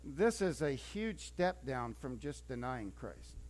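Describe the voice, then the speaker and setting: A man with a mid-range voice takes his sermon slowly. The telling is lively and conversational, with scenes acted out and a few stumbles and restarts along the way.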